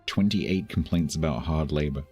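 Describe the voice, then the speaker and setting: A man's voice: very deep voice, moderate pace, a little mellow, slightly rough, soft background music. A man streaming a game live, chatting casually and chuckling as he thinks aloud. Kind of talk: casual live gameplay commentary.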